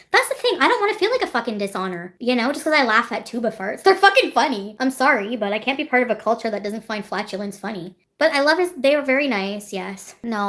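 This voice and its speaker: A woman vlogger chatting casually on a livestream, rambling, swearing freely and laughing often as she answers her chat. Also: on the high side. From Canada.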